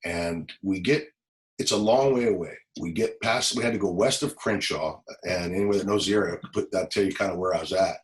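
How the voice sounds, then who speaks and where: Low-voiced man telling a hard story. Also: low-quality recording. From Los Angeles. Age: 40s. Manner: halting, emotional, repeats words when moved. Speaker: podcast guest, former police officer. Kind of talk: personal storytelling.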